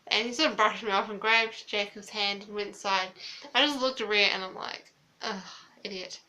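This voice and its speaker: Bright chatty woman telling a story. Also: mid-range voice, steady tone, a little fast. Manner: chatty, lots of fillers and quoted dialogue. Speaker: vlogger. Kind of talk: casual storytelling.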